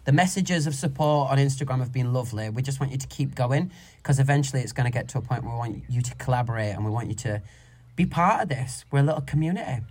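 A man from Malta co-hosting a podcast, telling a night-out story with camp, animated, swear-filled chat. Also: medium pitch, fast talker. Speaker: podcast co-host. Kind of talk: casual chat.

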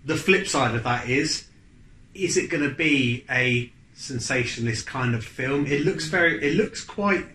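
A man's voice: mid-range voice, lively intonation, bright, forceful tone, a little hiss or hum. A man chatting casually as a podcast co-host, rambling and restarting his sentences. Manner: rambling, halting with restarts and fillers. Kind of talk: casual chat. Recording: echoey room.

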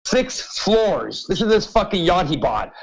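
A man's voice: high-pitched, very animated, measured pace, creaky, poor audio. A man hosting an open-mic group chat, ranting emphatically and swearing a lot. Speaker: host.

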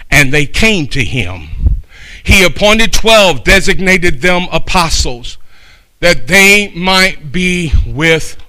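A man preaching a sermon, swinging from shouted peaks to soft, slow asides and folksy, humorous stories. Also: on the high side, rough recording. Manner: folksy storytelling with homespun humor.

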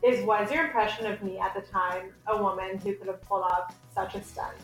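A woman's voice: medium pitch, fairly even intonation, a little fast, a bit bright, soft background music. A young woman co-hosting a casual chat, asking wry questions. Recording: echoey room.

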